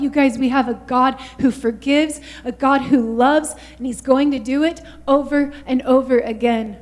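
A woman's voice: sits high, steady tone, normal speed, hardly any pauses. A woman preaching a fervent sermon, often saying "you guys" and "hallelujah" to the congregation.

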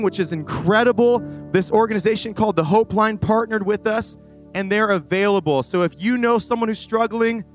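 High-voiced animated male preacher. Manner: energetic, animated preaching with rambling asides. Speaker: youth pastor. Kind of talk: sermon. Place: church stage before a congregation.

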